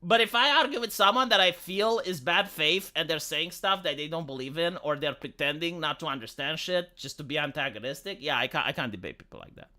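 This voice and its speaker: Squeaky romanian-accented woman ranting on a live stream, bright tone, tripping over her words. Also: fairly quick, hardly any pauses. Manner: heated, ranting, stammering repeats. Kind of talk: casual livestream chat.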